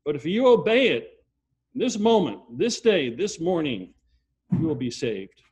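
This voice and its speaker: A man's voice: fairly high pitch, big pitch swings, measured pace, a little mellow, slightly rough, highs cut off, exaggerated voice. A man acting out a plain male lay preacher who pleads urgently and repeats himself, in a raised voice. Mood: pleading.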